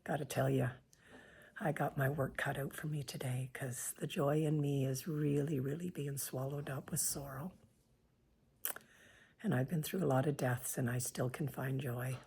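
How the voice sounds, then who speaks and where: A woman's voice: a bass voice, vocal fry, a little mellow, a little hiss or hum. A woman from Canada talking straight to camera in an earnest, pained personal monologue, sometimes dropping to a whisper. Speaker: vlogger sharing her views.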